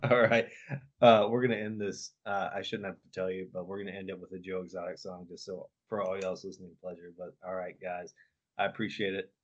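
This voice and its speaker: A man's voice: low-pitched, little pitch movement, a little fast. A man co-hosting a podcast in casual chat, loose and profane, rambling with restarts. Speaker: podcast co-host. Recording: dull lo-fi podcast audio.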